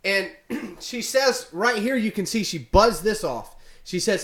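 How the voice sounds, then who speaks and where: A man's voice: sits high, animated, a little slow, fairly bright tone. Rambling young man in an echoey room. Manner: rambling, filler-heavy retelling of a complaint. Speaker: vlogger. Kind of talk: casual storytelling to camera.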